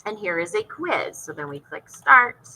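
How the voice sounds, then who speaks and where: Bright-voiced woman teaching music. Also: mid-range voice, very animated, moderate pace, breathy edge, rough recording. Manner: patient, explains step by step. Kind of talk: recorded lesson walkthrough for young students.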